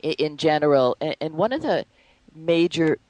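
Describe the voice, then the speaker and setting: A woman's voice: low-pitched, animated, normal speed, darkish tone, no room sound, low-quality recording. A woman who teaches the Alexander Technique, telling stories in a thoughtful, conversational way with frequent fillers. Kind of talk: conversational interview.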